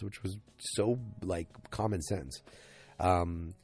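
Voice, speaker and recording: A man with a low, husky voice talks through a television episode in a loose, rambling recap, often restarting his sentences. He sounds tired and yawns now and then. Soft music plays faintly underneath. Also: steady tone, slow pace. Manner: rambling, full of restarts and "you know". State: tired, yawning. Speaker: podcast host.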